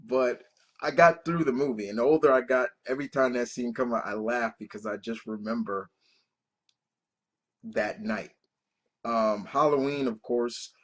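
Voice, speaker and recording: A man in his thirties at an ordinary middle pitch, hosting a casual reaction vlog. He tells heartfelt stories with plenty of swearing and repeats himself as he gathers his thoughts. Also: moderate pace. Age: 30s. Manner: profane, emotional storytelling with many restarts. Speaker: reaction video host. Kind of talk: casual reaction-video commentary.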